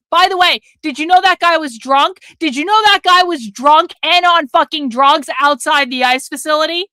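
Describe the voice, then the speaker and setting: A woman's voice: very high voice, pushed and bright, no room sound. A woman hosting a livestream, reacting to a clip with sarcastic, profane and mocking commentary.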